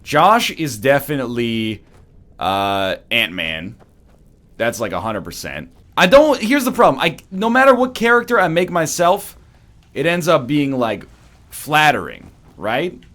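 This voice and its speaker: A man's voice: mid-range voice, big pitch swings, unhurried, a bit bright. A Canadian man giving rambling, sarcastic commentary while playing a game. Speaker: let's play streamer. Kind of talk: casual gaming commentary.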